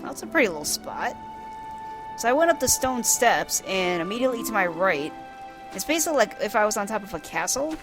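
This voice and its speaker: A woman's voice: mid-range voice, very animated, fairly quick. A woman casually describing a game's scenes aloud for blind viewers, chatty and descriptive with amused asides. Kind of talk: casual descriptive gameplay commentary. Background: faint game music.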